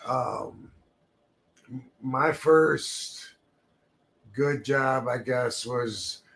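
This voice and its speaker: A man's voice: mid-range voice, drawn-out words, gravelly, fairly bright tone. A man hosting a casual chat, reacting with short laughs and brief questions. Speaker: host.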